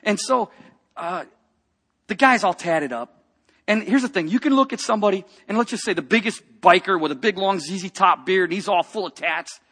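A man preaching a personal testimony, telling a story with lively acted-out quotes and dropping to a hush for tender moments. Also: sits high, normal speed, slightly rough. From grew up in a rough biker family.

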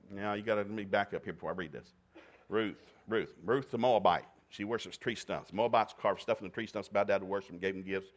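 A man from East Tennessee, preaching a humorous sermon in a folksy, joking, plainspoken way. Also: deep voice. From East Tennessee, USA.

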